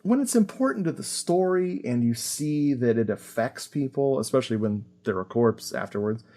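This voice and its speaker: A man hosting a podcast, chatting casually about an old film, animated and full of fillers and laughter. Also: medium pitch, moderate pace. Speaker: podcast host. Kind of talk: casual film review chat.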